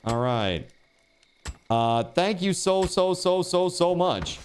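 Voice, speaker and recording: A man livestreaming and reading out donations in casual chat. He swears, says dude a lot, and bursts into laughter and shouting. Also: high voice, sing-song, takes it slowly, soft background music. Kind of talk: live stream donation reading.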